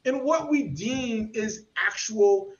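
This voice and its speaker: A man's voice: high-pitched, takes it slowly, dull audio, a crowd in the background. A man hosting a podcast, giving opinionated commentary and acting out voices of people he quotes. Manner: animated, acts out quoted voices. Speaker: podcast host. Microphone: podcast mic.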